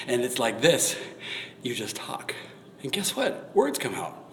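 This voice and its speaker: A fitness vlogger in his forties chats casually through a live-streamed workout, swearing now and then and breathing heavily between sets. His medium-pitched, fairly bright voice is captured on a phone camera in an echoey room with long reverb and a little hiss or hum.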